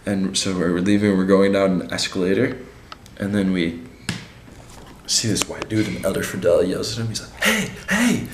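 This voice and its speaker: A man's voice: low-pitched, little pitch movement, moderate pace, roomy sound, a little hiss or hum. A young man on a mission, telling his week in a casual, slangy video diary. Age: young adult. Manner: laid-back and slangy, many fillers.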